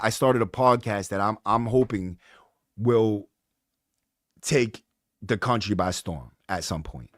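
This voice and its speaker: Man, podcast host, casual cursing storyteller, middle pitch, dry close sound. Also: no room sound. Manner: animated, profane, rising to heated outbursts.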